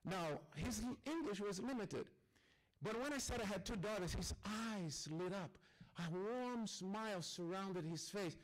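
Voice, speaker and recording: A man telling a comic personal story live, acting out the dialogue with lively energy. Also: high-pitched, measured pace, rough recording. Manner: animated, acts out dialogue.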